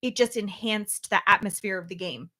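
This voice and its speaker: A woman's voice: mid-range voice, normal speed, bright, forceful tone. A woman co-hosting a casual podcast, talking about a game with lots of restarts and filler words. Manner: chatty, with many fillers and restarts. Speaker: podcast co-host.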